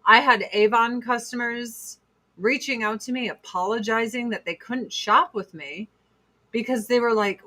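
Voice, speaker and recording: A woman's voice: on the high side, moderate pace, bright, forceful tone. A woman in her forties hosting a casual livestream, ranting bluntly with profanity and mocking put-on quotes. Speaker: livestream host.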